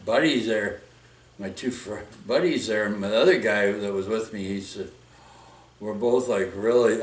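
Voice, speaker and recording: Man, unhurried rambling storyteller with tag questions; roomy echo, distant mic. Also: lowish voice. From Canada. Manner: rambling, full of restarts and tag questions like "right?" and "eh?". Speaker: vlog storyteller. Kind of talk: casual spoken storytelling.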